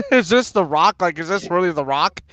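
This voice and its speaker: Animated man telling wrestling stories. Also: high-pitched, normal speed, dry recording. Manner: animated storyteller, acts out quotes, laughs often. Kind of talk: casual chat.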